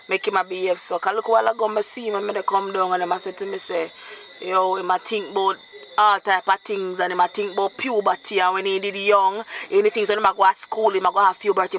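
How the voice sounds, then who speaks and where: An actress with a Jamaican accent playing a caring, outspoken young woman who talks in a brisk, forthright way. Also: medium pitch, flat delivery, fairly bright tone, a little hiss or hum, lightly acted, low-quality recording. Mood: earnest. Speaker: actress in a low-budget film. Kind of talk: acted dialogue in patois.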